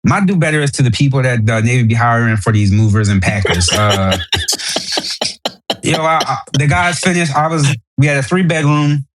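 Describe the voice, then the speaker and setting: A man's voice: medium pitch, moderate pace, a little hiss or hum. A man with a New Orleans accent, a guest on a podcast, chatting casually and telling stories in an easygoing way. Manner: easygoing storyteller, animated when telling stories. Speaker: podcast guest, Navy sailor.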